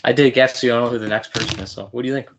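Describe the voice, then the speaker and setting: A man's voice: medium pitch, steady tone, rapid-fire, a little hiss or hum. A young man hosting a casual podcast interview, eager and playful, often laughing. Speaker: podcast host.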